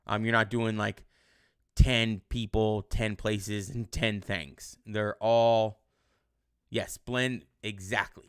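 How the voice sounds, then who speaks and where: A male teacher giving casual online class instructions in a relaxed, rambling way with many fillers. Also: lowish voice, takes it slowly, clear, resonant tone.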